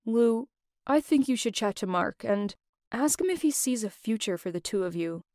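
A caring young man voiced by a woman speaks softly and sincerely. The recording is close and dry. He sounds earnest and kind. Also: on the high side, expressive, normal speed, no echo. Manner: soft, earnest.

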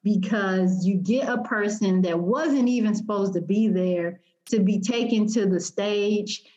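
Animated woman telling a personal story. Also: mid-range voice, unhurried, muffled recording. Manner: animated, emotional, quotes herself and others. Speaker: guest.

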